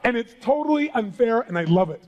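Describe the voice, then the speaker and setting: A man's voice: very high voice, lively intonation, a little fast, slight background noise, poor audio. A man giving a live seminar speech as a motivational speaker, emphatic and rallying the crowd with call-and-response questions. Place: large seminar hall.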